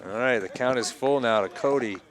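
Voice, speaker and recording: A man doing easygoing play-by-play for a local baseball game, chatting between pitches. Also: a little fast. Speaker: play-by-play announcer.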